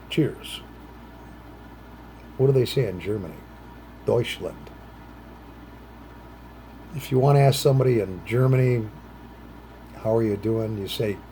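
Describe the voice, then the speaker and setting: A man's voice: lively intonation, a little slow, long pauses, a little hiss or hum. Rambling middle-aged man musing aloud. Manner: rambling, trails off into low mutters; puts on bright, higher voices for quoted phrases. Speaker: vlogger. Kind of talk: casual chat while smoking a pipe.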